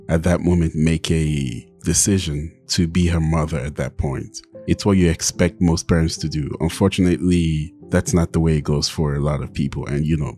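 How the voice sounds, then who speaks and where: A male podcast host speaking calmly and sincerely as he wraps up the episode. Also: very deep voice. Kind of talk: reflective podcast outro.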